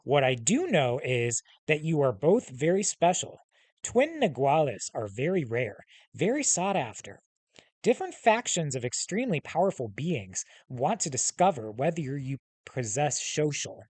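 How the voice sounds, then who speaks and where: A man voicing a huge, scarred male hellhound with a calm, commanding manner and measured, formal speech. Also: fairly high pitch, dry recording. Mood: formal, assured. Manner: measured, formal speech with slow, stressed titles.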